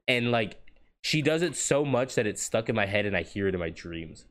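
Young male co-host, lowish voice, rambling and laughing, casual chat. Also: expressive, normal speed. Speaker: podcast co-host. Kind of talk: casual chat among friends.

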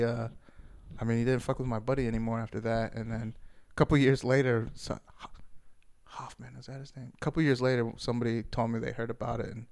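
Guy rambling through a story, swears a ton, laughs a lot, medium pitch. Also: darkish tone. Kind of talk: casual storytelling.

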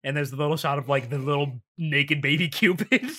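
A man's voice: a little high, brisk, pushed and bright. A man casually recapping an anime episode, swearing often and mock-quoting characters between laughs. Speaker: podcast host.

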